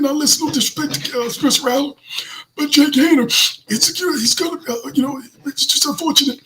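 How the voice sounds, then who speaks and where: A man doing a mocking impression of a raspy, evasive male football head coach who rambles and repeats stock phrases. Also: very high voice, a bit bright, slight background noise, pitched above the performer's own voice, rough recording. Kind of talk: mocking impression in live fan commentary.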